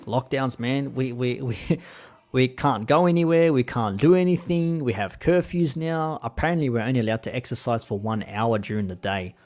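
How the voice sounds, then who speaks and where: A man with an Australian accent, chatting casually on a live stream in a relaxed, rambling way with plenty of fillers. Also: medium pitch, moderate pace.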